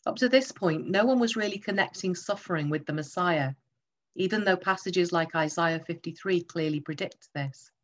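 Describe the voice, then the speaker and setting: A woman's voice: fairly low pitch, moderate pace. A woman preaching a sermon, emphatic and teaching through rhetorical questions.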